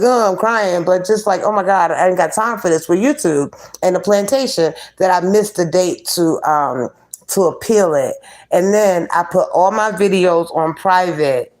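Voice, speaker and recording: A woman's voice: on the low side, darkish tone. Chatty woman hosting a live stream. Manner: chatty, reads chat aloud, talks to viewers by name. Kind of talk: casual live-stream chat.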